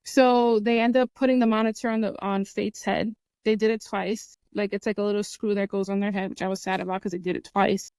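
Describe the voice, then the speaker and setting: Her mid-range voice is clear and resonant, brisk, nearly pause-free, and free of room sound. A young woman hosting a podcast, she earnestly and vividly recounts a personal story, voicing the quotes and imitating sounds along the way.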